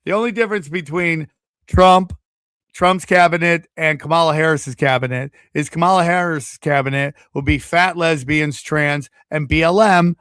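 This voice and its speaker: High-pitched, animated male storyteller. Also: moderate pace, clear, resonant tone, no room sound, studio quality. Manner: animated, acts out quotes in changing voices; profane, rambling with restarts. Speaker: podcast host. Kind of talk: casual storytelling chat.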